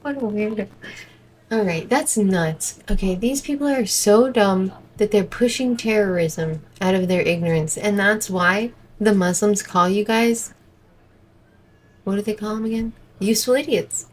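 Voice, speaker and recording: A woman's voice: medium pitch, measured pace, poor audio. A woman vlogger giving exasperated, indignant commentary as she reacts to a protest video from home. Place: indoors at home.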